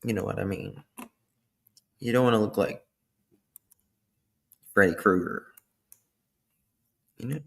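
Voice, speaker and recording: A man's voice: fairly low pitch, slow, gravelly, pauses often. A man hosting a casual livestream, chatting loosely and thanking viewers by name. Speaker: livestream host.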